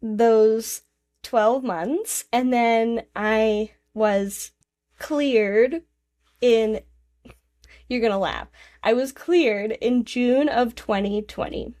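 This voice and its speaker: A young woman, a DJ and singer, telling a personal story in a podcast interview, halting and restarting, laughing through tears. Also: on the high side, darkish tone. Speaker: guest, DJ and vocalist.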